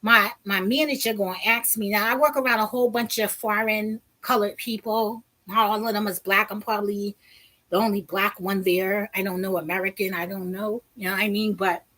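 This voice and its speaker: A woman vlogger telling a personal story in a casual, blunt, animated way, with some profanity. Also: medium pitch, fairly quick.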